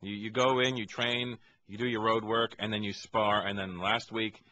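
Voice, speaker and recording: Animated, bright-voiced male comedian guest. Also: fairly low pitch, moderate pace, lo-fi sound, slight background noise. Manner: animated, laughing, mimics accents. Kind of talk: casual radio interview. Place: radio studio.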